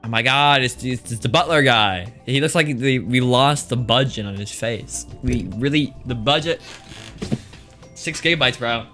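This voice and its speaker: A male streamer reads a visual novel aloud and keeps breaking off into loose, joking asides full of restarts. His voice is bright and forceful at a middling pitch. Faint music plays behind him. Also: normal speed. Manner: rambling, joking, with many restarts. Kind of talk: casual let's-play commentary and reading aloud.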